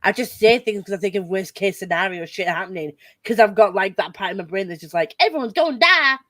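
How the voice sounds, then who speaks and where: A woman's voice: medium pitch, quick pace, no room sound. A woman hosting a casual group chat, telling stories with lots of laughter and swearing. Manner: laughing, swearing, animated storytelling. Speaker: host.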